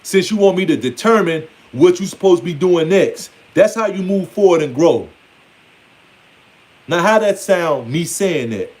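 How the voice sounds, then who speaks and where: High-voiced man giving a blunt rant. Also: expressive, a little slow, darkish tone. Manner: blunt, mocking, playfully scolding. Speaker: spiritual speaker. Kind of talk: casual preaching monologue.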